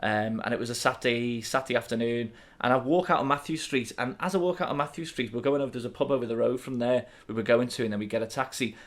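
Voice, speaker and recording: Animated Liverpool man telling stories. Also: medium pitch, fast, hardly any pauses. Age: 30s. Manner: animated, laughing storyteller. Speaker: podcast co-host. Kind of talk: casual storytelling chat.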